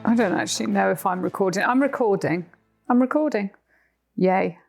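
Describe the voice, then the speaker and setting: A woman's voice: medium pitch, moderate pace, creaky, over music. A woman from Cornwall with a Cornish English accent, co-hosting a casual podcast chat and telling stories with frequent laughs. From Cornwall, England. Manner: chatty storyteller, laughs often. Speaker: podcast co-host. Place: sofa in a rented house.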